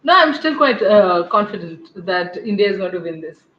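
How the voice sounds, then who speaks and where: A woman's voice: mid-range voice, very animated, normal speed, a little hiss or hum. A woman on a live sports discussion panel, speaking hesitantly with many "uh" fillers. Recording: roomy, dull call audio.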